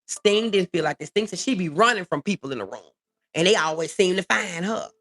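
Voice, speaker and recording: A woman's voice: lowish voice, lively intonation, brisk. A middle-aged woman, hosting a casual livestream, reading viewer comments and talking with feeling. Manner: warm, reads viewer comments aloud, emotional. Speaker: livestream host.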